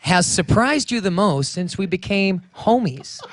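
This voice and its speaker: A British man putting on an American accent for questions in a radio studio, slow and self-conscious. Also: high voice, expressive. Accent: put-on American.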